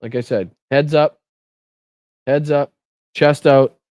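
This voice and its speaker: Rambling, foul-mouthed livestream host. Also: male voice, fairly high pitch, steady tone, takes it slowly, darkish tone. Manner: rambling, swears freely, thanks viewers. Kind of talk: casual live chat reading comments.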